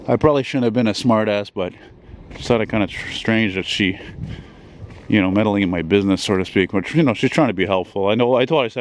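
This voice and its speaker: A man's voice: medium pitch, quick pace, a little mellow. A man, walking outdoors on a city street and filming a casual vlog on a handheld camera, talking in a rambling, profane way with plenty of fillers. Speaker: vlogger.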